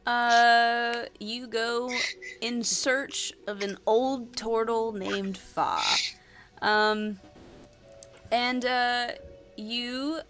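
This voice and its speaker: A woman's voice: on the high side, steady tone, drawn-out words, fairly bright tone, faint music behind. A woman narrating a tabletop game as game master, hesitant and full of fillers, laughing easily.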